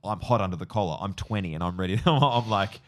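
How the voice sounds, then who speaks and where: A man's voice: low voice, animated, quick pace, a bit bright, no echo, clean studio sound. A man in his forties with an Australian accent, chatting on a podcast, telling a long story in a rambling, reflective way with lots of fillers. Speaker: podcast co-host. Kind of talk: casual chat.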